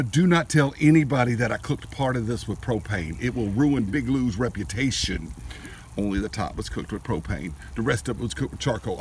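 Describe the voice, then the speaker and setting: A middle-aged man talks through a casual cooking vlog at an outdoor grill. His voice sits at an ordinary middle pitch, and his delivery is folksy, joking and chatty as he banters with his family. Faint outdoor noise runs underneath. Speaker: cooking show host and father.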